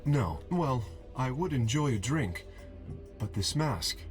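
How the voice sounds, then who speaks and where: A man voicing a calm, formal masked character in a video game, speaking quietly and in a measured way, with music behind him. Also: mid-range voice. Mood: hesitant.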